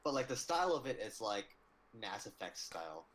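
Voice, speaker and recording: With a lowish, bright-edged voice and very animated delivery at a moderate pace, a young man co-hosts a casual livestream. He rambles through loose, trailing phrases, saying "like" constantly.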